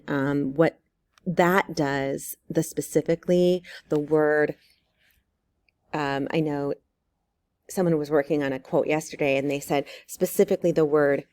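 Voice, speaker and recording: A woman teacher walking students through an essay outline step by step, encouraging and full of ums and quick check-ins. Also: low-pitched, a little mellow, dry recording. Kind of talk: recorded writing lesson walkthrough.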